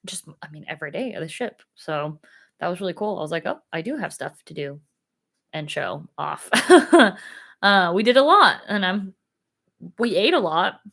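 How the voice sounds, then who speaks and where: A young woman hosting her own live stream, chatting casually and excitedly, with many fillers and laughs and sudden high squeals. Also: normal speed, vocal fry.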